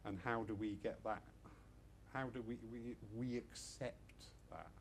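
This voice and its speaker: A man's voice: mid-range voice, steady tone, measured pace, gravelly, a little hiss or hum. A middle-aged man giving an informal church talk to a small audience, chatty with self-mocking asides. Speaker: church speaker.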